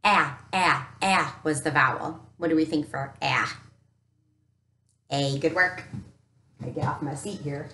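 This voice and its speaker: A woman teacher giving a recorded phonics lesson to young children, upbeat and encouraging, sounding out each letter slowly. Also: low voice, bright, forceful tone. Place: home teaching space with an easel. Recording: echoey room.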